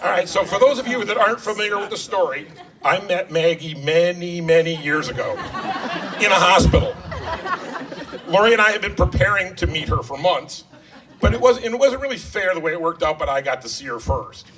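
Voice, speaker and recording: Dad doing a wedding toast, kinda high voice, sounds far from the mic, big noisy crowd behind. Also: male voice, expressive, a little fast. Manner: self-deprecating, joking, emotional. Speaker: father of the bride giving a toast. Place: wedding reception hall. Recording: distant mic, loud crowd noise. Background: crowd and laughter.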